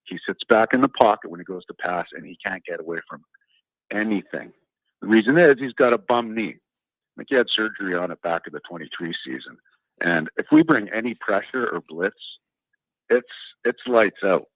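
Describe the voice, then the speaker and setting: Male caller, deep voice, dry sound, plain stumbling talk. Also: normal speed, a bit bright, no room sound, low-quality recording. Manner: plainspoken, repeats words. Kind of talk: phone-in sports chat.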